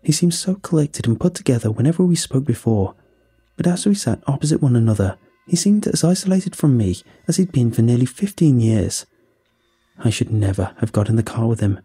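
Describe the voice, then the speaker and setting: A man reading a horror story aloud as scripted narration, in a steady, measured way. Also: mid-range voice, breathy edge, dry recording.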